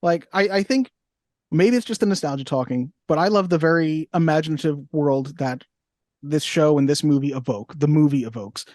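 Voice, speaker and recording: A man's voice: fairly high pitch, normal speed, a little mellow, no echo, studio quality. A man in his thirties from Long Island co-hosting a podcast in casual chat, rambling and hedging as he thinks aloud. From Long Island, New York. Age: 30s. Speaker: podcast co-host.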